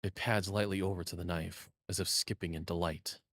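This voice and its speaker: A man's voice: sits low, steady tone, fairly quick, a bit bright, no echo, studio quality. A man live-streaming a game, reading its second-person story text aloud and breaking off to swear and joke with his chat. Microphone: condenser mic on a boom arm. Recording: game music playing underneath. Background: game music.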